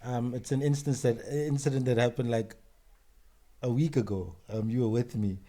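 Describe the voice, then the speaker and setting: A man's voice: mid-range voice, fairly even intonation, normal speed, warm tone. A man from South Africa hosting a casual podcast chat, laid-back and slangy, laughing as he tells stories. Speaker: podcast host.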